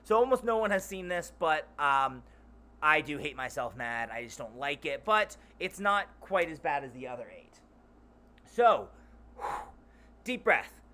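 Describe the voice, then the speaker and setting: Loud, bright-voiced young man rambling. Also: on the high side, very animated, measured pace. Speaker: channel host. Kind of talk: rambling casual monologue.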